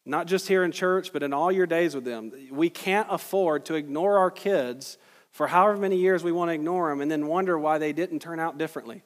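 A man preaching a sermon as pastor in a church, earnest and emphatic, pressing hard on key phrases. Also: high-pitched. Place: church sanctuary. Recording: long hall reverb.

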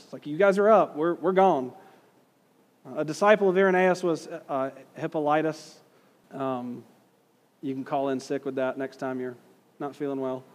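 A man's voice: fairly high pitch, long reverb tail. A man teaching a class in a conversational way, reading old quotes aloud, stressing key words and putting questions to his students.

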